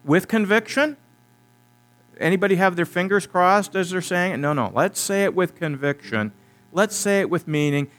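A man preaching a sermon in a church service, speaking directly to the congregation and slowing down to repeat key phrases for emphasis. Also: fairly high pitch, a bit bright. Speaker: pastor.

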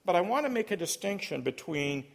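A man's voice: sits high, big pitch swings, fairly quick, vocal fry. A man preaching a sermon as pastor, emphatic and leading his congregation in call and response. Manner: emphatic, rising to loud peaks.

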